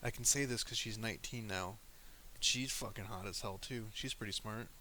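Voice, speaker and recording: A man's voice: fairly low pitch, normal speed, sharp tone, a little hiss or hum. A man streaming, chatting casually, crude, joking and argumentative. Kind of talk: casual chat with live chat.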